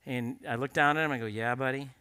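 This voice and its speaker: A man's voice: medium pitch, fairly even intonation, racing, sharp tone, clear, resonant tone. A man preaching a sermon in an earnest, conversational storytelling way, appealing directly to men in the audience.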